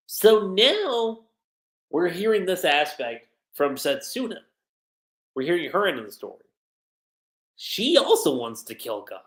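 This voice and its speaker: A man casually reviewing a manga chapter on a livestream, retelling the scenes with slangy, animated commentary and quoted lines. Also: sits high, unhurried, pauses often. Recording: roomy echo.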